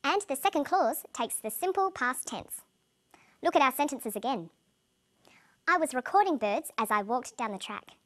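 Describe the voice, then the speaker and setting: A woman presenting an English language lesson, with clear, measured and carefully enunciated scripted delivery. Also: high voice, animated, a bit bright.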